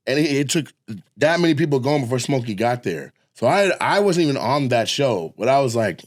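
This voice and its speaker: A podcast co-host with a mid-range, slightly fast voice tells stories during casual chat on a comedy podcast, animatedly acting out the voices of the people in them.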